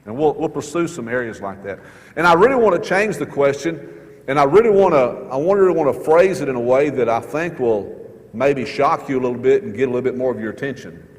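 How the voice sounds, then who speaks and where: A man preaching a sermon in church, earnest, repeating his key questions and slowing down to stress words. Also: medium pitch, lively intonation, long reverb tail. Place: church sanctuary.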